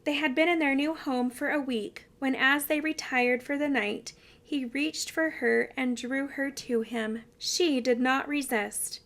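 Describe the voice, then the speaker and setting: Brief: woman narrator, steady storybook reading, high voice. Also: unhurried. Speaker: reader of a family biography.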